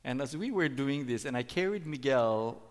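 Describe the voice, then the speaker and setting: A middle-aged man giving a sermon as a preacher, halting, with many fillers and restarts. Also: mid-range voice, animated. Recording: long hall reverb.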